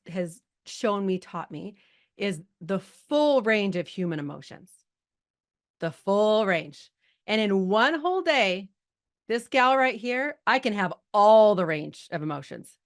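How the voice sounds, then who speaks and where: A middle-aged woman coaching a group over a video call, chatty and lively, holding back tears at times. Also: mid-range voice. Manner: chatty, lively, talks to the chat audience. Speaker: life coach hosting a live group call. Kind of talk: casual coaching talk.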